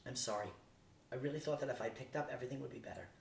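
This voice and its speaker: A man reading as a gentle teenage boy. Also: rapid-fire, vocal fry, lightly acted. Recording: roomy distant recording, faint rumble.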